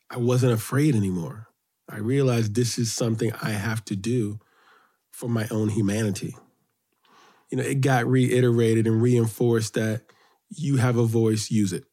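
Middle-aged guy from brooklyn telling stories in an interview, animated, voice jumps up when he gets going. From Brooklyn, New York. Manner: animated storyteller, rises in pitch when excited. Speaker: guest, children's author and poet. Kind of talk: storytelling interview.

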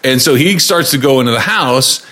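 A man co-hosting a movie podcast with wry, quick remarks in casual banter. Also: medium pitch, animated, pushed and bright. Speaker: podcast co-host.

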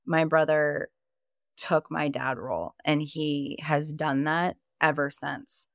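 A woman's voice: low voice, fairly even intonation, slow, no room sound, studio quality. A woman from Iowa, a podcast guest, telling her personal story in a candid, emphatic way and swearing freely.

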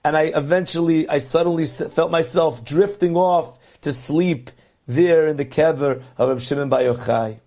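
A man's voice: on the high side, normal speed, dark tone. A man telling religious stories earnestly, stretching words for emphasis. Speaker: religious storyteller. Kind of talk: religious storytelling.

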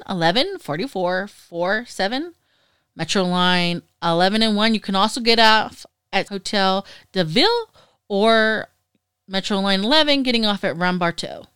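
A woman talks through travel tips in a chatty, playful way, laughing off the names she stumbles over. Her voice is bright and smooth, recorded close and dry with no room sound. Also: medium pitch, dry recording. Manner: chatty and playful, jokes about her own mispronunciations. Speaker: travel vlogger. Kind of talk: casual travel guide talk.

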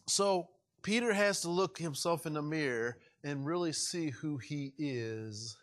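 Pastor, male, fairly high voice; dramatic sermon delivery, rises to loud peaks and drops to near-whispers. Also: unhurried, hardly any pauses. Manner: dramatic, swings from loud high peaks to hushed low tones; acts out quoted voices within the sermon.

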